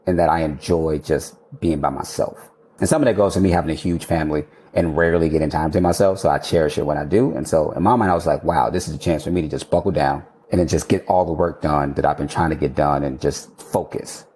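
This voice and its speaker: A man, an architect and podcast guest, telling a candid, animated story in casual conversation and now and then swearing. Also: low voice.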